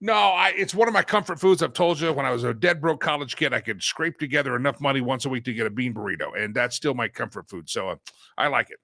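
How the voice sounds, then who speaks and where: A man's voice: a little high, expressive, quick pace, creaky, bright, forceful tone, no room sound. A man hosting a political talk show, joking around and chanting sing-song catchphrases. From Colorado, USA.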